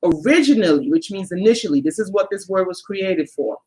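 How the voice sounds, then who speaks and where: A woman's voice: mid-range voice, expressive, brisk, darkish tone. Emphatic woman teaching viewers on stream. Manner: emphatic, addresses viewers directly. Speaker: co-host of a spiritual channel. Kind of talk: live-streamed casual teaching talk.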